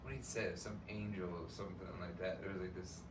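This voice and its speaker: A man with a fairly low voice, rambling through stories with lots of ums and quick laughs. He sounds set back from the mic in an echoey room. A clear layer of room ambience runs underneath. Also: fairly even intonation, distant mic, noisy background. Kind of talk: casual chat.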